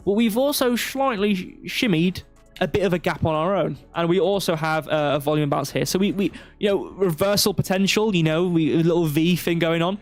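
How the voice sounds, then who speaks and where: A man talks through trading charts on a live stream in a slightly raised voice, stepping point by point and drifting into digressive, self-deprecating asides. Faint music runs underneath. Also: sits high. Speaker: crypto livestream host.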